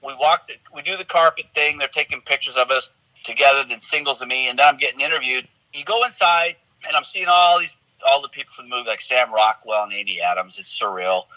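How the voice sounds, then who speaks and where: A man, an actor guest, telling animated, rambling stories in casual chat with frequent restarts. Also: mid-range voice, fast talker, poor audio.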